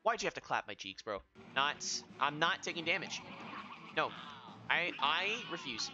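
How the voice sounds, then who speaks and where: An excitable young man talking through a boss fight, self-mocking and prone to yelling, his voice high and leaping all over. The sound is dull and lo-fi, with loud game music playing underneath. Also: moderate pace. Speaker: gaming video host. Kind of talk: live let's-play commentary.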